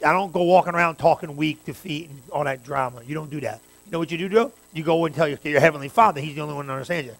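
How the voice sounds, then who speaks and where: A man pastor preaching a sermon, talking straight to his congregation and building to fervent, loud stretches. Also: fairly high pitch, racing, gravelly, hardly any pauses. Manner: preaching with rising fervor, direct address to the congregation.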